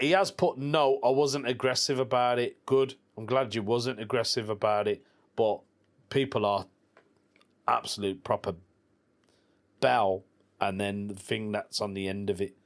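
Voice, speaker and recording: Male podcast host, mid pitch, casual chatty storyteller with slang. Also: normal speed. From England. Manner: chatty storyteller, laughs at his own jokes; informal slang like "proper" and "mate". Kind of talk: casual solo podcast chat.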